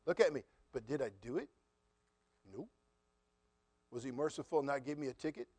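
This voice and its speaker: This middle-aged pastor has a mid-range, husky voice with a darkish tone and speaks fairly quickly. In his sermon he tells stories, addresses the congregation with direct questions, and climbs to emphatic repeated phrases.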